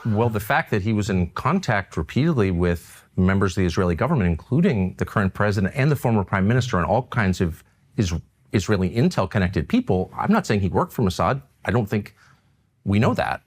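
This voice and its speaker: A man interviewing a guest, asking measured, pointed questions. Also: fairly low pitch, very animated. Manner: measured, pressing.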